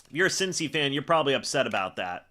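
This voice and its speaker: A young man hosting a live fan reaction stream, calling the plays as he watches and getting excitable on big moments. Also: medium pitch, quick pace. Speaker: fan livestream host.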